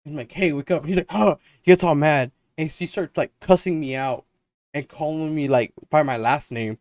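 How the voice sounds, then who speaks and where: A man's voice: a little high, moderate pace, a little mellow, dry recording, clean studio sound. A young man co-hosting a podcast, telling a long story in a rambling casual way and acting out his friends' lines. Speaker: podcast co-host.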